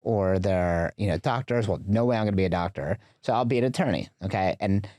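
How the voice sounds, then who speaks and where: A man's voice: sits low, a little fast, dry recording, studio quality. A man as a podcast guest, telling a story in a casual, chatty way with lots of fillers. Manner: chatty, filler-heavy, animated retelling.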